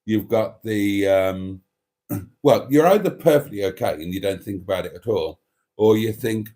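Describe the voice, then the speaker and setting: A middle-aged man hosts a casual live stream, reading viewer comments aloud between rambling, self-interrupting asides. His voice is mellow and a little congested, and he keeps trailing off into tangents as he chats. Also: on the low side, normal speed. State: a bit congested with mucus.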